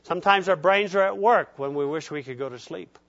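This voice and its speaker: A man's voice: a little high, brisk, vocal fry, a bit bright. A male pastor giving a conversational sermon in a folksy way, often checking in with his listeners. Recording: dull lo-fi recording.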